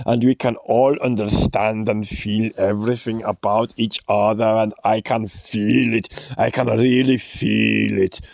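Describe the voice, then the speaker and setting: A scheming old tycoon murmurs in a low, hushed voice, slow and mock-soothing like he means to take over the world, as a man puts him on. The sound is dry and close. He drags his words out with a sinister calm. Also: dry recording, close to an everyday voice. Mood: dreamy. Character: scheming older male global tycoon, megalomaniac.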